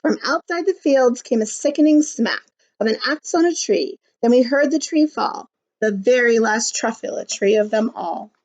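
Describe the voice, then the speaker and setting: A woman reading a rhyming picture book aloud to children, pausing to explain things in simple words. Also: a little high, animated, a little mellow. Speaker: storybook reader. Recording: slightly muffled recording.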